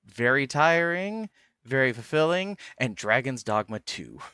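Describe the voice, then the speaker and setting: A man's voice: mid-range voice, a little slow, clear, resonant tone, dry recording. A man hosting a live stream, chatting enthusiastically and often restarting his sentences. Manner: relaxed, enthusiastic, stumbles and restarts. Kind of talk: casual chat on a live stream.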